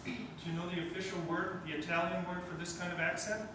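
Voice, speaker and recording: Man with a high, echoey far-off voice. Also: level tone, a little fast, background noise. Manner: questioning, encouraging. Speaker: band clinician. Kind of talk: rehearsal teaching. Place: rehearsal room with a wind band. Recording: echoey rehearsal room from far off.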